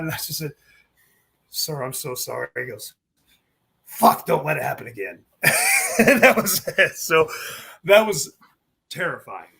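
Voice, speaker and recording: A man, a former wrestling referee, telling stories in a casual interview, acting out what others said to him. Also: a little high. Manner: animated, acts out quotes with swearing and laughs.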